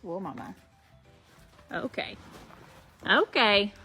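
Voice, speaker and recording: A woman's voice: on the high side, lively intonation, normal speed, fairly bright tone, faint music behind. A woman filming her foals in a barn, gushing at them in casual baby talk. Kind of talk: casual vlog talking to foals. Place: horse barn and arena.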